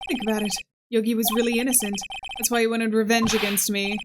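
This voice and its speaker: A woman's voice: a little high, level tone, background noise, lightly acted. A woman reading a grave, haunted young male prosecutor. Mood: shaken. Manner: grave, measured confession. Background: game music.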